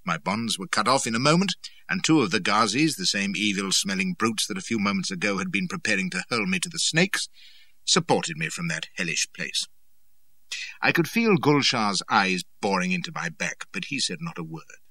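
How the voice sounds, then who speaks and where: Guy reading an adventure audiobook, lowish bright voice, really dry studio sound. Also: moderate pace, dry recording. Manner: expressive, dramatic storytelling. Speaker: audiobook narrator. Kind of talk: scripted first-person narration.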